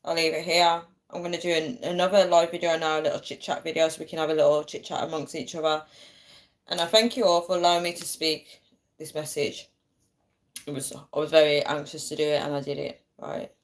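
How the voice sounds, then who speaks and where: A woman's voice: sits low, fairly even intonation, a little fast. A young woman chatting casually to viewers on a phone livestream, laughing often and thanking them.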